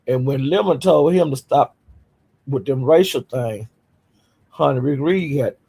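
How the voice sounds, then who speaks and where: A man's voice: mid-range voice, gravelly, warm tone, breathy edge. A man hosting his own livestream and telling gossip to his chat. He laughs often and keeps calling his viewers "y'all", "honey" and "child". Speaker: livestream host. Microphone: home streaming setup.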